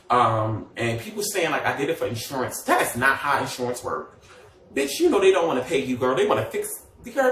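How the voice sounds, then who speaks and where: A man's voice: mid-range voice, fairly bright tone, roomy sound, distant mic, slight background noise. A man chatting casually on a livestream, sassy and gossipy, with many fillers and asides.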